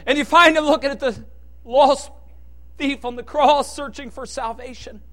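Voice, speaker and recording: A man preaching a sermon with impassioned delivery, dropping to hushed tones and then rising to shouted peaks. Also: extremely high pitch, moderate pace.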